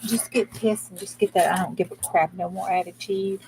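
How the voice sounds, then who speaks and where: A woman's voice: mid-range voice, fairly even intonation, fairly quick, darkish tone, slight background noise. A woman chatting bluntly and casually while she crafts on her channel, cursing mildly as she works. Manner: folksy, blunt, mild cursing, talks while working. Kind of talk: casual crafting livestream chat.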